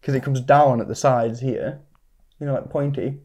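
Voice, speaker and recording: A man's voice: medium pitch, fairly even intonation, darkish tone. A man co-hosting a comedy podcast, chatting casually in a playful, jokey way. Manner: playful, jokey, quick to laugh. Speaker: podcast co-host.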